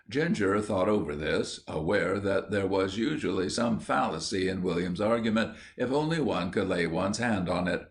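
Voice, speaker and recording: A man narrating an audiobook in a measured storytelling manner. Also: low-pitched. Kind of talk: scripted narration.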